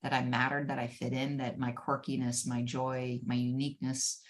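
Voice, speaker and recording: A woman guest on a video-call interview, telling her own stories in a lively, animated way with some laughter. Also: a bass voice, normal speed, a little hiss or hum. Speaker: guest, former head of HR. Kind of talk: conversational storytelling interview.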